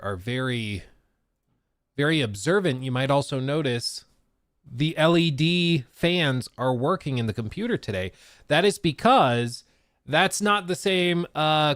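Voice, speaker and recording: A man's voice: medium pitch, a bit bright, dry recording, studio quality. A man streaming gaming news in casual, jokey chat, rambling with restarts and coming down with a cold. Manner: rambling, jokey, self-deprecating, frequent restarts.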